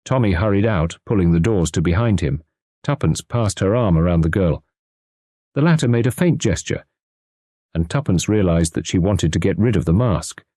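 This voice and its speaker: A man narrating a classic mystery audiobook in an expressive, measured storytelling manner. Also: deep voice, dry recording, clean studio sound.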